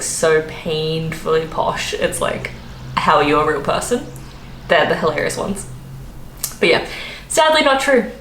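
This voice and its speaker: Young Australian woman vlogger, chatty and laughing, lowish voice, roomy echo. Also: a bit bright. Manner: chatty, laughs often, many fillers. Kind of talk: casual chat to camera. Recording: echoey room, faint background noise.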